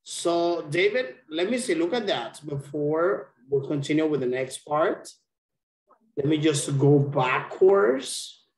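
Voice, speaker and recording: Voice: medium pitch, expressive, slow, reverberant, rough recording. An English teacher giving a one-on-one lesson over a video call, checking often that the student understands.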